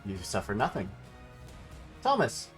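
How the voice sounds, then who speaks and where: Running a tabletop game, a man calls out rolls and damage in a matter-of-fact way. His voice is lowish with wildly swooping pitch and a slightly slow pace, over soft background music.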